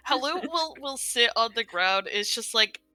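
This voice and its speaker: A woman's voice: a little high, lively intonation, moderate pace, pushed and bright, no echo, faint music behind. A woman playing a tabletop game, describing her character in a rambling way full of fillers. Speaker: player. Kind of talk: casual game narration.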